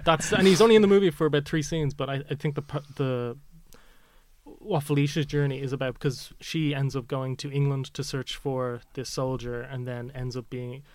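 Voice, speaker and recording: A man's voice: mid-range voice, steady tone, normal speed, a little mellow, dry recording. A man co-hosting a podcast, talking casually and at length, often breaking into laughter. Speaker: podcast co-host.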